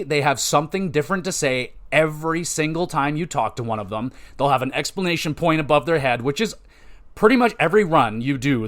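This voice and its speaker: Excitable young Canadian man, slightly high voice. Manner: excited, profane, quick mimicry of characters. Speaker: podcast host. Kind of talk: casual game review chat.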